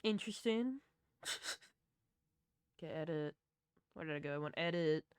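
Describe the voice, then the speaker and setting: A woman's voice: low-pitched, animated, measured pace, clear, resonant tone, no room sound, studio quality. A woman with a Southern US accent chatting casually on a live stream while she draws, rambling, laughing and swearing freely. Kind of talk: casual chat while drawing.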